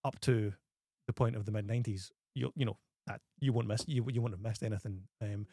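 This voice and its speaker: A man with a Scottish accent hosting a casual film review chat, animated and often restarting his phrases. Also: fairly low pitch, fairly quick, dry recording, studio quality. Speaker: host.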